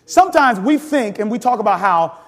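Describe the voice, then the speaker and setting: A man's voice: high-pitched, very animated, fairly quick, a bit bright, in a large hall. A man pastor teaching a sermon with call-and-response, laughing often and building to sudden emphatic rises.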